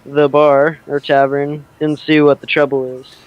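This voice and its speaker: A man with a smooth, resonant, slightly high voice, declaring his character's moves hesitantly and restarting often. The sound is dull and lo-fi, like audio from a voice call. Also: monotone, normal speed. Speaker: player. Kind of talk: in-character tabletop play.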